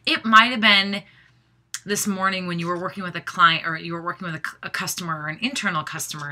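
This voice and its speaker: A woman's voice: fairly low pitch, sharp tone. A middle-aged woman facilitator talking straight to her audience, upbeat and encouraging, often restarting her sentences. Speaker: workshop facilitator. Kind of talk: direct-to-camera prep message.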